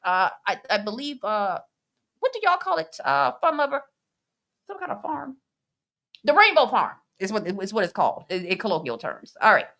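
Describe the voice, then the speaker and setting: A woman's voice: mid-range voice, very animated, normal speed, gravelly, fairly bright tone. A woman co-hosting a casual podcast, reading chat comments and laughing as she acts out quoted voices.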